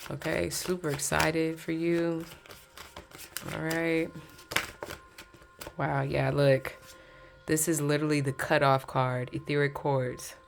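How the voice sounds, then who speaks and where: A woman with a low voice that has a gravelly fry reads tarot cards for her viewers. She talks in a loose, chatty way, blunt and candid, with laughs between her points. A faint hiss sits under her voice. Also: level tone, slow pace, long pauses. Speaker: tarot card reader. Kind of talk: casual pick-a-card tarot reading.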